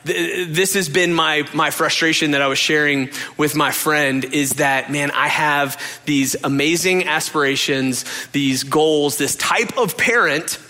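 A man's voice: a little high, bright, forceful tone. A man preaching a conversational sermon, telling stories earnestly with frequent restarts and speaking straight to the listeners. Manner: earnest storytelling with frequent restarts and direct "you guys" address. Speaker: pastor.

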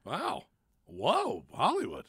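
Gravelly, high-pitched, mocking man. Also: huge pitch swings, slow, a bit bright, dry recording, clean studio sound. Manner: mocking, repeats lines for laughs. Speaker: radio co-host. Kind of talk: casual morning radio banter. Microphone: studio microphone.

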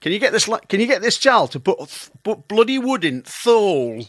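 Casting: man doing a blunt Yorkshire auntie, raised pitch, broad northern dialect. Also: big pitch swings, normal speed, dry recording, studio quality. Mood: scolding.

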